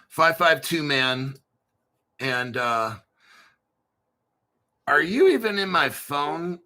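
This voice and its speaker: A man's voice: fairly high pitch, animated, drawn-out words, pauses often, pushed and bright. A man hosting a crypto channel, talking casually off the cuff in a blunt, boastful way full of swearing. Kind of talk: casual unscripted livestream talk.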